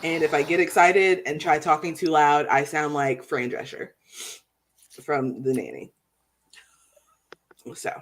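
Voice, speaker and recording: A woman's voice: sits low, measured pace, long pauses. A young woman co-hosting a podcast over a video call, sniffly and congested with a cold. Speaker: podcast co-host. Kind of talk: casual chat.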